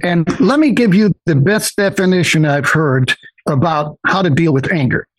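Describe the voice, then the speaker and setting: An older man telling personal stories as a guest in an interview, animated and often acting out the voices of others. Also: fairly high pitch, moderate pace, no echo, low-quality recording. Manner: animated, acts out quoted voices, many restarts. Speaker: guest investor. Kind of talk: personal storytelling in a podcast interview.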